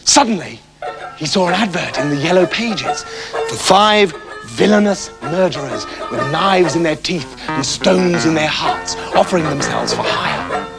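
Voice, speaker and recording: A man narrating a comic fairy tale in a manic, shouty way. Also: fairly high pitch, measured pace, creaky, music in the background. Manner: wildly animated, shouty, comic. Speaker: storyteller.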